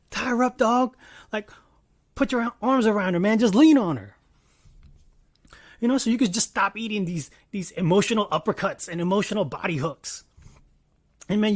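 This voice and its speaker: Animated man, swearing, dry close sound. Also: a little high, dry recording. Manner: animated, swings loud and soft, swears freely. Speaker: commentary vlogger. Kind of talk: casual commentary monologue.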